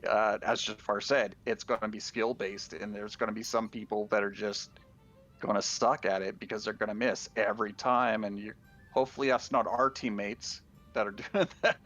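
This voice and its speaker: A man's voice: on the low side, fairly even intonation, normal speed, a bit bright, dull audio, faint music behind. A man co-hosting a gaming podcast, talking casually and rambling, with frequent restarts. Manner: rambling, restarts often, laughs while talking. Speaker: podcast co-host.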